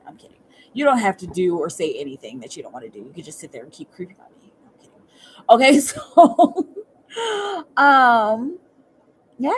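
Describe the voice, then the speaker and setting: A woman giving a casual livestream tarot reading. She talks in a chatty, halting way, repeating words and often checking in with viewers by asking "okay?". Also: medium pitch, a little hiss or hum, rough recording. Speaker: tarot reader.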